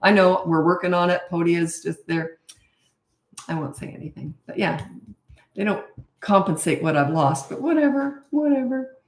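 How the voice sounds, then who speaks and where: A middle-aged woman coaching parents in a casual Q&A, blunt and matter-of-fact, now and then acting out short quotes in a higher voice. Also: fairly even intonation, moderate pace, pauses often. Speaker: parenting coach answering viewer questions. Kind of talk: casual live Q&A. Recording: roomy echo.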